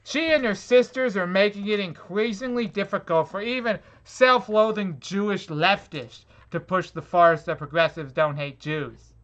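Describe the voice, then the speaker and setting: A muffled recording captures a man with a high, slightly bright voice reacting to online comments in his vlog. He reads them out and rants angrily, sarcastic, exasperated, and swearing.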